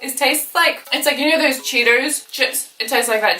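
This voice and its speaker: A young woman with an Australian accent talks her way through a fast-food taste test, chatty and quick to giggle. Her voice is bright and forward. The room echoes, with the mic set back from her. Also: high-pitched, recorded from a distance, faint music behind. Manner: chatty, giggly, thinking aloud. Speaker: food vlogger. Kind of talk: casual food review vlog. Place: bedroom at home.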